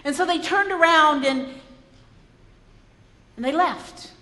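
High-voiced woman preaching in echoing hall. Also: slow, pushed and bright. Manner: earnest, reflective, with frequent repeated words. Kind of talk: sermon storytelling. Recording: echoey hall.

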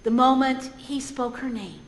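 A woman preacher with a high voice tells a story from the pulpit, earnest and reflective. She often repeats words as she gathers her thoughts. The room is roomy and echoing, with a long reverb trailing after her. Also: a little slow, vocal fry. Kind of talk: sermon storytelling. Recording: echoey hall.

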